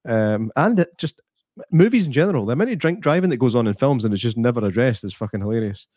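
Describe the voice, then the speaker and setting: A man's voice: medium pitch, animated, fast talker, a little mellow, no echo, clean studio sound. A man co-hosting a podcast, telling film scenes in a wry, laid-back way. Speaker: podcast co-host. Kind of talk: casual film chat.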